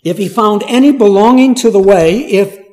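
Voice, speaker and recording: A man's voice: high-pitched, moderate pace, a little mellow. A man preaching a Bible teaching in a conversational way, asking the listeners questions and stressing key words.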